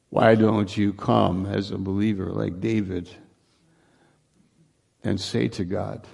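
A man's voice: fairly low pitch, steady tone, a little slow, vocal fry, dark tone, breathy edge. A man preaching a sermon, earnest and repetitive, building to emphatic lines.

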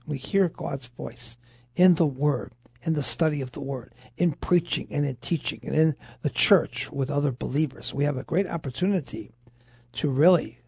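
A man's voice: fairly high pitch, normal speed, gravelly, husky, no room sound, clean studio sound. A man co-hosting a Christian radio talk show, teaching animatedly from scripture. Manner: animated preaching, quotes voices of scripture. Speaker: radio co-host, pastor.

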